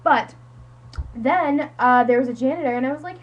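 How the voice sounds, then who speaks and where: A woman's voice: high voice, moderate pace, muffled recording. A teenage girl from the United States telling a friend a story in a casual, dramatic, self-mocking way, full of "like". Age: teens. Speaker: vlogger.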